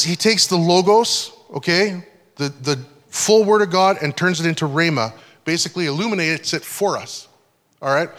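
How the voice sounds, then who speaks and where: Man, pastor, sermon, slightly higher voice, long church-hall reverb. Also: a bit bright. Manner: conversational teaching, frequent check-ins with listeners.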